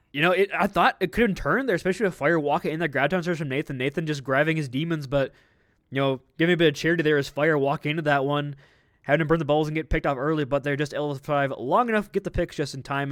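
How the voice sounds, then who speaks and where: This is a man doing live esports commentary with a chatty, joking, conversational manner. His voice sits a little higher than most men's and comes through dry and close, with no room echo. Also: fast talker, fairly bright tone. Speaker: esports caster.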